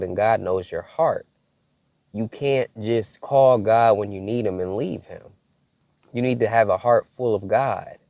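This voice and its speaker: A man with a low voice delivers a devotional message straight to his viewers. He preaches emphatically, circling back to the same phrases and asking "okay?" as he goes. The sound is dry and close. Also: a little mellow, no room sound. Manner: emphatic, repeats key phrases, checks in with "okay?". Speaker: prophetic preacher.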